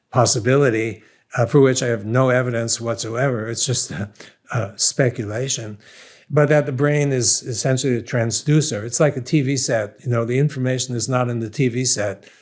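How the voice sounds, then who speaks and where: A man's voice: mid-range voice, a little mellow. An older man with a Brooklyn accent, a scientist guest talking through ideas in an interview, thoughtful and self-deprecating. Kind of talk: conversational interview.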